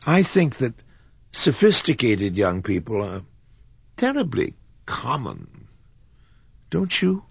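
Prim, proud teen girl for a storybook reading, put on by a male narrator, lilting and breathy, dry sound. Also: mid-range voice, very animated, slow, long pauses, no room sound, muffled recording, pitched above the performer's own voice, heavily acted. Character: innocent, proud teenage girl.

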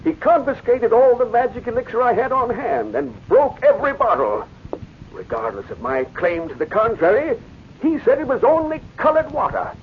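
An actor in a 1940s radio drama playing a pompous traveling medicine-show doctor who stammers when flustered. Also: male voice, very high-pitched, sing-song, normal speed, slight background noise. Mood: earnest. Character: smooth-talking traveling medicine-show doctor, middle-aged man. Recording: muffled old radio recording.

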